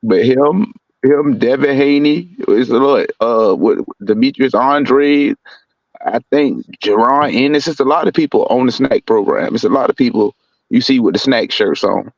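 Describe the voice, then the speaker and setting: A man's voice: medium pitch, moderate pace, vocal fry, no echo, dull audio. A man calling in from his parked car at night on a phone video call, speaking in a laid-back, hesitant, slangy way. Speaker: caller. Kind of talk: casual call-in chat.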